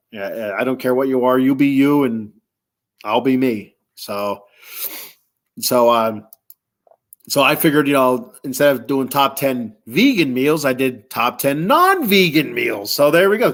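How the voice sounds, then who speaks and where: Male podcast host, casual rambling solo talk, mid-pitched, relishes his topic. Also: measured pace. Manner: rambling, restarts, chuckles, lists with relish.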